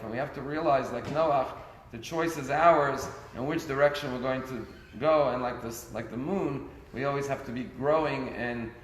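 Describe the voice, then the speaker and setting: A man's voice: mid-range voice, slight background noise. A man giving a sermon as a rabbi, telling stories and raising his voice to stress key points. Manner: storytelling with rising emphasis. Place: synagogue sanctuary. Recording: echoey synagogue hall.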